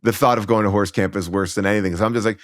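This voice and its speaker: Animated man telling a comic story. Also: fairly low pitch, racing, no room sound, studio quality. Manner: animated, lots of fillers and restarts, acts out his own past lines. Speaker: podcast guest.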